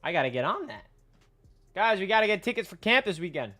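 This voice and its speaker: A young man from the United States hosting a casual live stream, chatty and rambling, answering viewers and now and then breaking into excited yells. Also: sits high, fast talker, no echo. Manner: excitable, rambling, bursts into yelling.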